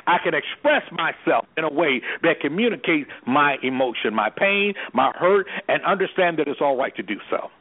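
Man, anger management specialist, radio interview guest, husky voice, preacherly rhetorical questions, phone-like sound. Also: on the high side, expressive, moderate pace, hardly any pauses. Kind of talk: impassioned talk-radio interview.

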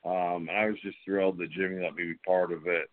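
A man's voice: low voice, fairly even intonation, fast. A middle-aged man hosting a wrestling show, chatting casually with a promo-style swagger and calling people brother. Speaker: host. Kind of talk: casual chat. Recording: tinny phone-like line.

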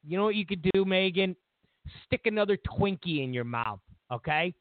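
A man's voice: high voice, animated, moderate pace, dry recording. A man hosting a talk radio show, ranting and mocking in a repetitive way. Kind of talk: talk radio political commentary. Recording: tinny phone line, dry.

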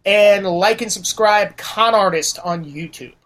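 A man's voice: high voice, a little slow. Profane, rambling man telling stories. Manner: profane, rambling, animated storyteller. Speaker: podcast guest. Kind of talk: casual storytelling chat.

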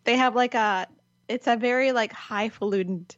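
A woman's voice: on the high side, moderate pace, dry recording. A woman co-hosting a podcast in casual chat, talkative, laughing often and gushing that things are fantastic. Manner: chatty, laughs often, repeats "it's fantastic". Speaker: podcast co-host. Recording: dull lo-fi sound, dry.

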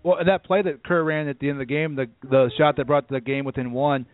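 A man's voice: fairly high pitch, fairly quick, no echo. A man co-hosting a sports talk show, arguing his opinions in casual chat. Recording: dry, tinny phone-like audio.

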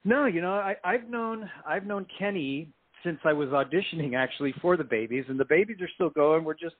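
A man's voice: fairly high pitch, a little fast, dry recording. A man from the United States, a guest musician chatting easily about his career in a radio interview. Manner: easygoing, chatty storyteller. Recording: dry phone-line audio.

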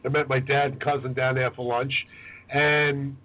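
A man co-hosting a casual podcast, a chef telling lively anecdotes about being recognized. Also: medium pitch, normal speed. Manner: animated anecdote-teller, acts out voices. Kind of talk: casual chat. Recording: tinny phone-like sound.

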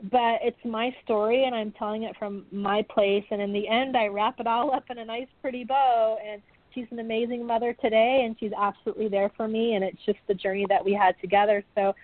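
A woman's voice: a little high, steady tone, fairly quick, dry recording. A woman being interviewed over the phone, candid and earnest as she talks through a personal story. The line is thin and tinny, with a dry, close sound. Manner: earnest, open, warm-hearted storytelling. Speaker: podcast guest, author.

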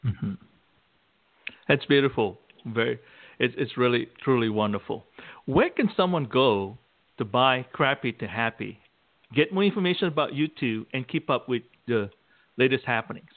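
A man's voice: medium pitch, animated, moderate pace. A man hosting an interview, encouraging and affirming his guests. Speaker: host. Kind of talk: interview host. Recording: phone line.

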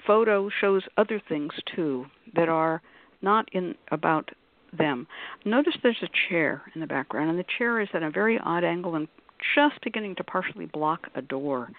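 A woman's voice: fairly low pitch, lively intonation, moderate pace, no echo. Woman explaining over a tinny phone line. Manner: conversational, acts out quoted voices in examples. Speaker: panelist on a call-in radio show. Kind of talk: explaining on a radio discussion panel.

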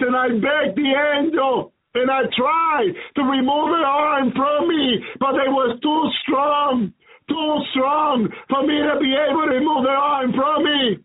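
A man with a very high voice preaches with fervent, impassioned repetition, then pleads in prayer. The sound is thin and tinny, like a phone line carried on a radio broadcast. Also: steady tone, measured pace.

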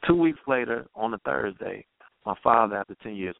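A man guest telling a personal story in an earnest, halting way, with many restarts, heard over a tinny phone line. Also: medium pitch, expressive, vocal fry, no echo. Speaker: guest poet.

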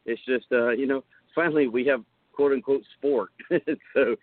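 A man co-hosting a live sports talk show, speaking hesitantly with many pauses. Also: mid-range voice, dry recording. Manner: hesitant, many fillers and restarts. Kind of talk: casual live show chat. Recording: dry tinny phone-like line.

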